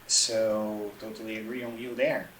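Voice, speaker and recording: Man hosting an interview, formal kinda halting wording, echoey room w/ faint hiss. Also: on the low side, level tone, fairly bright tone. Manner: formal, slightly halting phrasing. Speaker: interview host.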